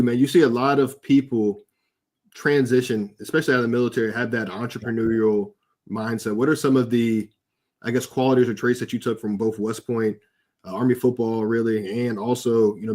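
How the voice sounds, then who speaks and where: A man's voice: mid-range voice, fairly even intonation, brisk, darkish tone. A man hosting a podcast in casual interview chat, enthusiastic and calling his guest "man". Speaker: podcast host.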